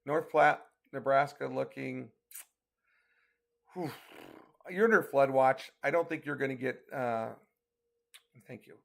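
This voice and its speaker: A man's voice: medium pitch, takes it slowly, creaky, pauses often. A middle-aged man hosting a casual livestream weather briefing, chatting in a folksy way and answering viewer comments. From northeastern Colorado.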